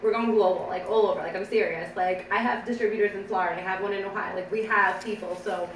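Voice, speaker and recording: A woman's voice: mid-range voice, steady tone, fast. A woman gives a casual, upbeat training talk to a small group, chatting and laughing often. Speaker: team trainer. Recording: echoey room from a distance, faint background noise.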